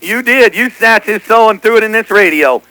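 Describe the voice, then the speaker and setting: High, bright-voiced man on the radio. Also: animated, moderate pace, dry recording, low-quality recording. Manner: teasing, repeats what others said on air. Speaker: CB radio operator. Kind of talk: casual radio chatter.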